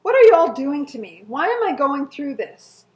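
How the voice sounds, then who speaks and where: Middle-aged woman, somewhat high voice, earnestly reading her old journal entries aloud in an echoey room. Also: sing-song, normal speed, dull audio. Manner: earnest and emotional, with soft laughs and sighs. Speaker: co-host.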